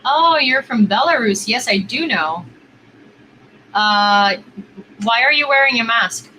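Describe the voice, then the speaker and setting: Bright, chatty young woman vlogger. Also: fairly high pitch, animated, takes it slowly, a little hiss or hum, rough recording. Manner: chatty, rambling, full of "like" and repeats. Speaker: video chat vlogger. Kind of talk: casual vlog chat.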